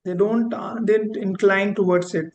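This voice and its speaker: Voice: medium pitch, fairly even intonation, normal speed, a little mellow, a little hiss or hum, poor audio. A teacher giving a vocabulary lesson, repeating each word and drawing out key terms. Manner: repeats words, spells them out and drags out key terms. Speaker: English teacher.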